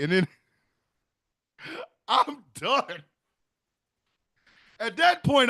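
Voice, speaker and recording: Laughing animated man hosting a show. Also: high voice, slow, long pauses, dry recording, studio quality. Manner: laughing, animated storytelling with swearing. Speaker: show host. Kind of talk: comedic rambling talk show.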